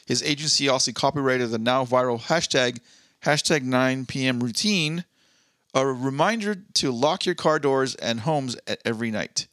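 Man, podcast co-host, bright forceful voice, dry close mic, blunt and profane. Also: medium pitch, moderate pace, no room sound. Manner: blunt, profane, reads articles aloud. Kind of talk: casual podcast chat, reading news aloud.

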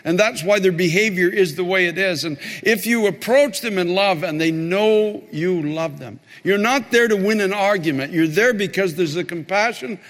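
A man's voice: high-pitched, moderate pace, hardly any pauses, fairly bright tone. Man, pastor, sermon, storytelling, repeats phrases, echoing sanctuary. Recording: long hall reverb.

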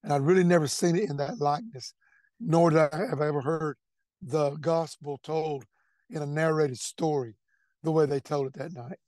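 A middle-aged man earnestly shares his personal faith testimony as a story, repeating words as he goes. His voice is a little high and darkish, at a moderate pace, with no room sound.

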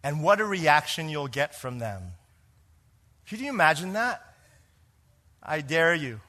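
A pastor preaching to his congregation, his voice pitched a little high and carrying a bright, forceful edge. He moves between quiet, hushed lines and emphatic ones, often turning to the people with questions. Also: very animated, measured pace. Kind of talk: sermon.

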